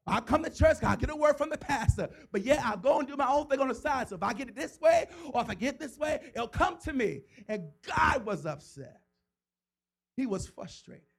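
A man pastor preaching a sermon, acting out voices of God and Moses, building from quiet teaching to shouted passion. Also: very high-pitched, expressive, normal speed, creaky, husky, poor audio. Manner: preaching with dramatic voiced quotes, rising to shouts.

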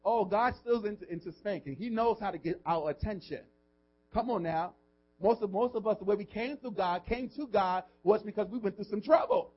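A pastor preaching a sermon, swinging from loud emphasis down to a hushed whisper, informal and repeating words as he asks the congregation questions. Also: high-pitched, brisk, lo-fi sound.

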